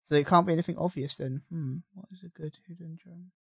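A man's voice: fairly high pitch, steady tone, fast, vocal fry, slightly rough, no room sound. A man co-hosting a casual podcast, reading out listener questions and stumbling over his words, mocking himself as he goes. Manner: self-mocking, trips over words with 'th' sounds. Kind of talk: casual chat.

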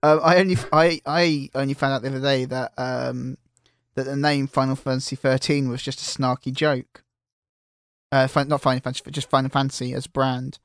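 A man's voice: mid-range voice, flat delivery, a little fast, no room sound, clean studio sound. A man in a casual chat, giving blunt, grumbling opinions. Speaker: podcast co-host.

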